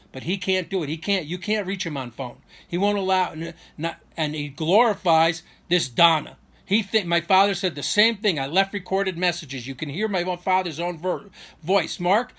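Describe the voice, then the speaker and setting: Man, fairly high voice, rambling personal story, aggrieved, many asides. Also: a bit bright. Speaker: vlogger.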